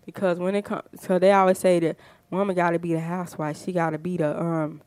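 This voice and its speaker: Fired-up woman ranting, smooth voice. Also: on the low side, flat delivery, brisk, a little mellow, dry recording. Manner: fired-up, emphatic, frequent "you know what I'm saying". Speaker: podcast host. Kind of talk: casual monologue.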